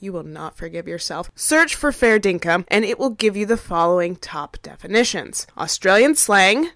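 A woman's voice: mid-range voice, fairly bright tone, no room sound, studio quality. A woman in her thirties telling a playful, self-mocking story about a puzzling phrase. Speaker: contributor sending in a question. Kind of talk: scripted monologue.

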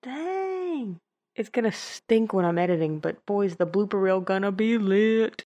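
A woman reading a script, giggling at her own slips and slowly repeating hard words. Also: mid-range voice, fairly even intonation, mellow. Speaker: video host reading a script. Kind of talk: casual blooper-reel reading.

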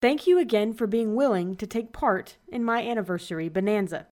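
A woman's voice: medium pitch, expressive, fairly quick, a little mellow, slight background noise. A woman hosting a podcast, reading scripted narration about the origin of an idiom. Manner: laughing at her own flubbed words in outtakes. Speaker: podcast host.

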